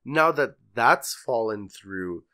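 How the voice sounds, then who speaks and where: A man's voice: mid-range voice, animated, takes it slowly, pushed and bright. A man co-hosting a casual fan podcast, talking bluntly and offhandedly and swearing casually. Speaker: podcast co-host.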